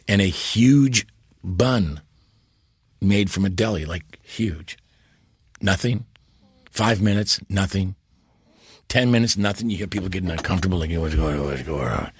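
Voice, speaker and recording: A man, a podcast guest, telling stories in a lively, animated way and slipping into character voices. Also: sits low, unhurried, pauses often, husky, no room sound. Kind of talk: casual interview storytelling.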